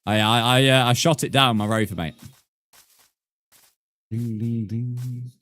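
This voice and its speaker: A man's voice: medium pitch, a little slow, a bit bright, no echo. A man chatting casually with viewers while streaming a game, rambling and full of crude jokes. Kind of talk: casual live-stream chat while gaming.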